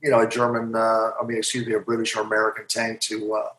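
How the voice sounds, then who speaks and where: A man's voice: fairly low pitch, completely flat delivery, fast, fairly bright tone. A man, a guest author and hypnotherapist, recounting a client's session in an interview and voicing both sides of the exchange. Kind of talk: storytelling in a podcast interview. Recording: roomy echo.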